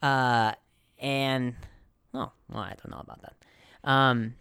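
A man's voice: mid-range voice, slow pace, creaky, sharp tone, clear, resonant tone, dry recording, studio quality. A young adult man hosting a casual comedy podcast, rambling through a story with lots of jokes, asides and restarts. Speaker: podcast host.

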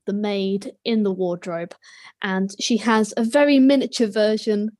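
A woman's voice: medium pitch, darkish tone. A woman co-hosting a podcast, reviewing a TV episode in casual chat with a wry, lightly sarcastic manner. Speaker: podcast co-host.

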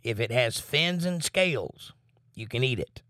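A man teaching a Bible study, reading scripture aloud slowly and emphatically, then breaking in with blunt asides. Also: medium pitch, lively intonation, bright, forceful tone, dry recording, clean studio sound.

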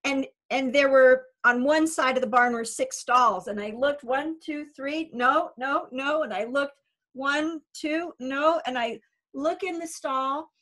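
A woman who works as an animal communicator, telling a story in a lively, chatty way and laughing often. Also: high-pitched, unhurried. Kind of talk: storytelling in casual chat.

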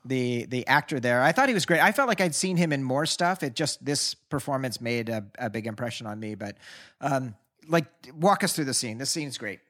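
A man's voice: mid-range voice, expressive, normal speed, a bit bright. A man co-hosting a podcast, guiding the recap of a movie in loose, agreeable casual chat. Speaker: podcast co-host.

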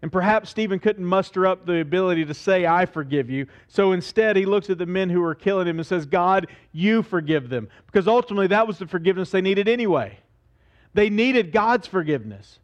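A man's voice: high voice, fast talker, lo-fi sound. A man preaching a sermon as pastor, speaking earnestly, asking his listeners questions and repeating phrases for emphasis.

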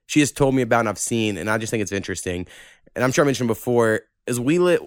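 A man hosts a casual podcast, talking in a loose, rambling way with casual swearing. His voice is smooth and resonant. The recording is dry and close, with no room sound. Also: mid-range voice, animated, fast talker, no echo. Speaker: podcast host.

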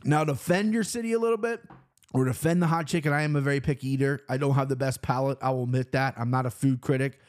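Speaking quickly at a medium pitch, this Cincinnati vlogger has a slightly mellow voice. He rambles casually through a profane account of his weekend.

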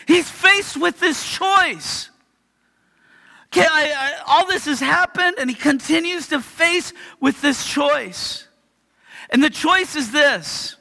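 A man in his forties delivers an animated sermon in a church, his very high voice bright and gravelly. He acts out the story with sudden shouts, and a long hall reverb trails every line. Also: measured pace. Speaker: pastor. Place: church sanctuary.

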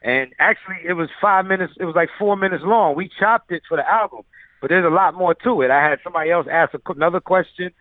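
A man's voice: high voice, fast, no echo. Man telling stories over a tinny line. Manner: loose, filler-heavy storyteller. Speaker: music producer guest. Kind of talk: casual interview storytelling.

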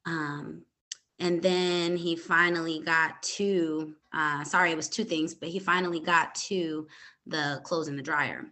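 Bright-toned young woman telling a personal story. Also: sits low, a little slow. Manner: calm, hesitant retelling with many fillers. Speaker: podcast host.

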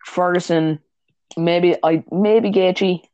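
A man's voice: sits high, steady tone, slow pace, darkish tone, no echo. Sweary laughing podcast co-host, man. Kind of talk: casual chat.

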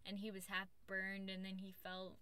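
A woman's voice: medium pitch, monotone, normal speed, pushed and bright, clean tone. A woman recapping an anime episode in casual chat, rambling with many fillers. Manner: loose, filler-heavy storytelling with lots of "like".

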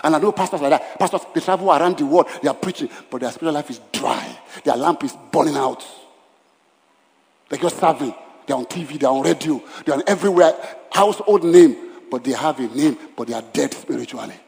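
A man preaching with a fairly high voice, acting out scenes and hammering his points by repetition. His sermon rings through a large church hall with a long echo. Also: fairly quick, gravelly, darkish tone. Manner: dramatic, acts out Bible scenes in voices; emphatic repetition. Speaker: pastor. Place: church service.

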